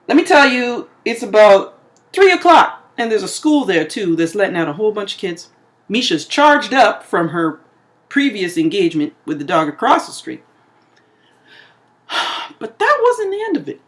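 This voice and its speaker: A woman vlogger telling a story in a casual, animated way, laughing often and acting out what people said. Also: lowish voice.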